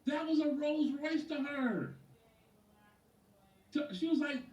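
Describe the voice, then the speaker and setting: A man who is a sales coach gives a lively motivational training talk, telling stories about clients and acting out their words. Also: very high voice, slow, long pauses, highs cut off. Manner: animated storyteller, acts out quotes, addresses a listener by name. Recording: roomy echo from a distant mic.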